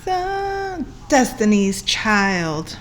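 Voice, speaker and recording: High-voiced, unhurried playful woman. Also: very animated, a little hiss or hum, rough recording. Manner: playful, laughs often, chats to the viewer; sings along to songs between remarks. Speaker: tarot reader. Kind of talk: casual tarot reading.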